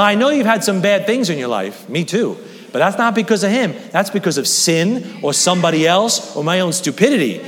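A man preaching a sermon in a church, earnest and animated, his voice climbing high for emphasis. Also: in a large hall. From Staten Island. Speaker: pastor.

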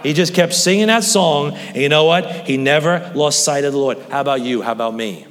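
A man preaching a sermon in a church, earnest and animated, his voice climbing high for emphasis. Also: a little fast, big-room sound. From Staten Island. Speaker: pastor.

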